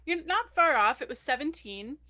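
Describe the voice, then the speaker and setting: Wry young woman with a higher voice. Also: expressive, normal speed, bright, forceful tone. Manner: wry, reads trivia aloud with fillers. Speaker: podcast co-host. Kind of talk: casual film chat, reading trivia.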